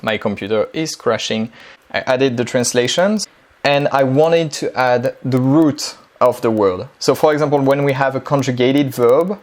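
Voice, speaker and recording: A man, giving a relaxed, chatty screen-share tutorial on building a language-learning dialogue. He explains things casually, often pausing on um and uh. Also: mid-range voice. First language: French.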